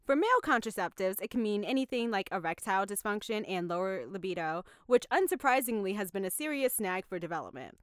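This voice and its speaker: A woman's voice: mid-range voice, big pitch swings, fast talker, few pauses, clear, resonant tone, dry recording, studio quality. A young woman co-hosting a podcast, telling a story in casual chat, laughing often and filling her talk with "like". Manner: chatty, laughing storyteller, lots of "like". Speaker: podcast co-host.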